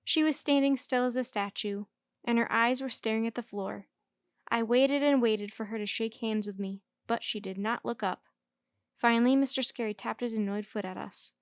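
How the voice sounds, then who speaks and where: A woman's voice: fairly high pitch, normal speed, no echo. Woman reading a children's story aloud. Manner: lively first-person narration. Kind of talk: children's book read-aloud. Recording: dry close recording.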